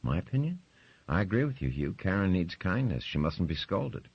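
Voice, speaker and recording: A man voicing a composed young woman who speaks calmly and evenly, in a dry, slightly muffled recording. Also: low voice, moderate pace, gravelly, slightly rough, no room sound, pitched above the performer's own voice, heavily acted. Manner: calm and level.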